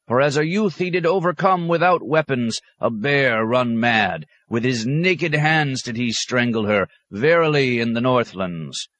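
A man's voice: mid-range voice, expressive, unhurried, few pauses, a bit bright, dry recording, pitched above the performer's own voice. A man voicing an old male warrior who chants a ceremonial proclamation in solemn, archaic tones. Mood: ceremonial wailing.

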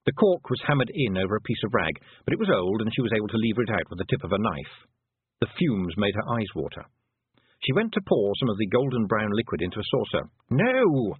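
Husky male storyteller with a lively voice. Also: lowish voice, fast talker, no echo. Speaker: audiobook narrator. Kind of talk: scripted narration. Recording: dry, phone-like narrow sound.

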